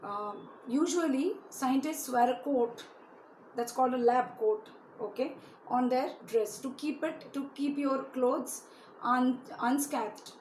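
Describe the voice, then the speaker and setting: Woman teacher, high voice, echoey room with faint hiss, keeps quizzing the kids. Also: takes it slowly, darkish tone. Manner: asks pupils many questions, often adds "you know". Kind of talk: classroom lesson for children.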